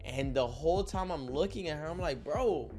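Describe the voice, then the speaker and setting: Faint music plays behind a young man with a higher-than-average voice as he briskly tells a story in a laid-back vlog. Full of slang and energy, he keeps checking in with his viewers.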